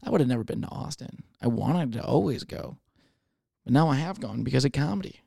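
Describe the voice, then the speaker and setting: A young adult man, a comedian, riffing in a casual rambling monologue, swearing often and slipping into quick voices of other people. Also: medium pitch, animated, gravelly, warm tone, slightly rough, no room sound, clean studio sound.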